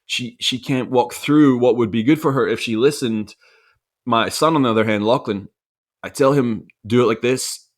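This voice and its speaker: A man in his thirties tells a story from home as a podcast co-host. He talks in a reflective, earnest way and keeps restarting his sentences, at an ordinary mid pitch. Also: normal speed. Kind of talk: casual conversational storytelling.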